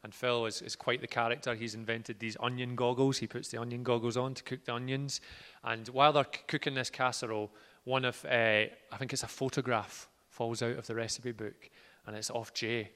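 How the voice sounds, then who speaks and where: A man preaching a sermon in an earnest way, moving from quiet words to loud ones. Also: mid-range voice, level tone, a little fast. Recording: reverberant hall.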